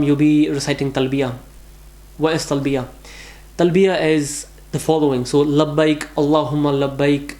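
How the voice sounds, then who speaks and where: A man's voice: on the high side, a little mellow. A man giving earnest, devout pilgrimage advice in a casual vlog, repeating himself as he talks. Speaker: vlogger giving travel advice. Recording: echoey room.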